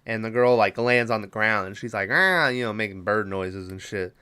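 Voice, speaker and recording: A man's voice: lowish voice, steady tone, brisk, sharp tone, clear, resonant tone. A young man hosting a podcast, casually retelling a horror film's plot with lots of swearing, fillers and quoted lines. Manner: rambling, profane retelling with fillers. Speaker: podcast host. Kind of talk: casual movie recap.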